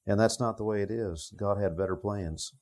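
Low-voiced man preaching conversationally. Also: moderate pace, darkish tone. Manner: conversational, thinking aloud with the listeners. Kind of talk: expository sermon.

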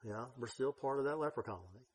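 A man preaching a sermon, with emphatic stresses and sudden quiet drops. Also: medium pitch, animated, fast talker, slightly rough.

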